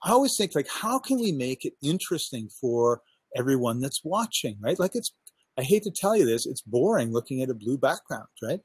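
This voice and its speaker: A man coaching on podcasting in a casual chat over a headset mic, talking with lively enthusiasm and acting out his own thoughts. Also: mid-range voice, fairly quick, husky, no echo. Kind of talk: casual video call chat. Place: outdoors on a backyard balcony.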